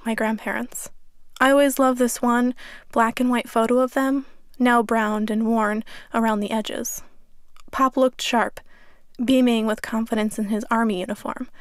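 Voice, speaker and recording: A woman author reading her memoir as an audiobook in a studio, in a steady, measured way. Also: on the high side, dry recording. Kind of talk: audiobook narration. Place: recording studio. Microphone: studio microphone.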